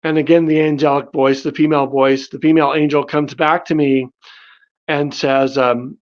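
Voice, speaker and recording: Man telling a story in a slightly high voice. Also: normal speed, dull audio. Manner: animated, acts out quoted dialogue in his own voice; many fillers and restarts. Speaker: guest telling his life story. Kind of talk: casual spoken storytelling.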